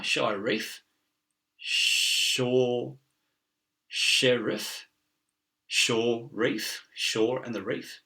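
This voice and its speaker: Brief: middle-aged man, bright edgy tone, swearing, laughing, riffing on word origins, sitting back from the mic. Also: medium pitch, very slow, long pauses, recorded from a distance. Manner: profane, laughing, chasing wordplay and word origins. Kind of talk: rambling monologue.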